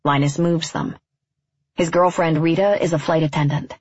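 A woman reading a first-person story aloud in a measured, wryly understated way. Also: sits low, fairly even intonation, a little mellow, breathy edge, no room sound, lo-fi sound. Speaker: narrator.

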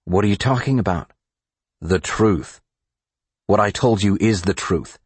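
A cornered federal agent, as read by a male narrator, with a low voice that sounds urgent and defiant. His delivery is clipped and tense. The recording is dry and close. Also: measured pace, a little mellow, slightly rough, no echo.

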